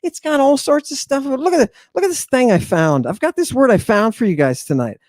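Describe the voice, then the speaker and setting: A man teaching an online lesson in an excitable, emphatic way, repeating phrases and swinging between loud outbursts and hushed asides. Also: extremely high pitch, brisk, dry recording, studio quality. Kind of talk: animated online lecture.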